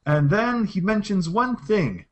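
Man, game master, tabletop game narration, fairly high voice, very animated intonation, restarts sentences. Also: unhurried, muffled recording. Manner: descriptive narration with frequent restarts.

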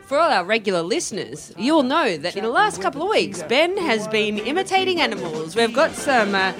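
A woman's voice: fairly high pitch, very animated, a little fast, music in the background. A young woman co-hosting a podcast, telling stories in a chatty, giggly way. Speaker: podcast co-host. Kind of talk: casual chat.

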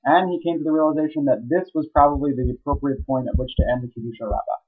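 A man's voice: fairly high pitch, fairly even intonation, quick pace, husky. A man teaching a Talmud page. He reads the Aramaic lines and then translates and explains them. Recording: tinny phone-like line.

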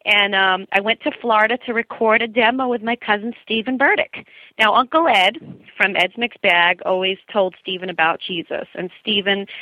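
A woman's voice: medium pitch, no echo. A woman, a singer-songwriter guest, telling her personal story in an earnest, storytelling way over the phone. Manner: earnest storytelling, lively quoted voices. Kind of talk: personal testimony in a phone interview. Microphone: telephone. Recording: tinny phone line.

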